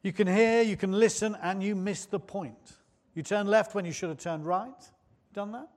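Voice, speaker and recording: A man's voice: high voice, moderate pace, darkish tone. A man preaching a sermon in church, conversational and often putting questions to the congregation.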